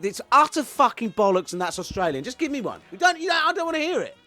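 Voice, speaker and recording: A man's voice: very high-pitched, big pitch swings, fast, pushed and bright, faint music behind. A man co-hosting a comedy podcast, telling a long joke and trading sweary, exasperated banter. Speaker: podcast co-host.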